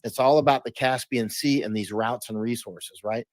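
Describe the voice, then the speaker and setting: A man's voice: medium pitch, fairly even intonation, moderate pace, dry recording. Emphatic male interview guest, dry sound. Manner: emphatic, with many restarts and repeated words. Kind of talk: casual interview talk.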